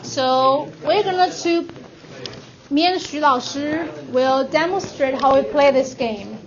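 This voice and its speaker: A woman's voice: high voice, takes it slowly, a crowd in the background. Woman, language teacher, patient, classroom lesson, murmuring students behind, muffled sound. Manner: patient, modeling words for repetition. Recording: dull audio, noisy classroom.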